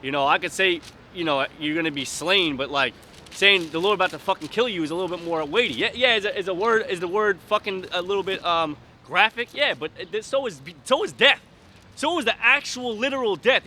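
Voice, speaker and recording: A man preaching outdoors on a street in rough, blunt vernacular, hammering his points with emphasis. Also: high-pitched, pushed and bright.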